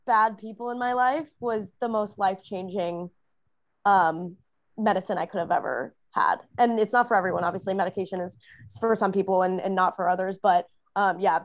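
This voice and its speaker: A young woman talking casually as a guest, rambling with many restarts and fillers. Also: mid-range voice. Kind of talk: casual conversation.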